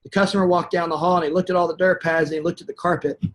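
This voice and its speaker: A man with a slightly raised speaking pitch tells a long sales story on a webinar. He talks in an animated, anecdotal way and acts out the quoted dialogue as he goes. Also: very fast, slight background noise. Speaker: sales trainer.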